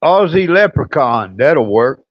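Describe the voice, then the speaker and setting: A man's voice: on the high side, sing-song, unhurried. A man co-hosting a livestream in casual chat, laid-back and matter-of-fact. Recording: dull lo-fi dry call audio.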